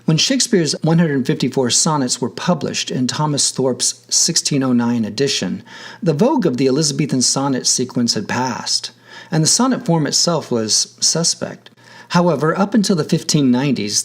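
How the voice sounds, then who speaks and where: A man narrating a scripted lesson in a measured, careful way, spelling out example words. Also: mid-range voice, expressive, breathy edge. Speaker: teacher.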